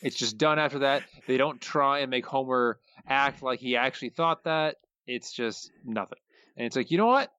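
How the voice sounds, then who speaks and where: Male co-host, measured and agreeable, mid-pitched, slightly dull lo-fi audio. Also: pushed and bright, clean tone, no room sound. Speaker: podcast co-host. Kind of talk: casual chat.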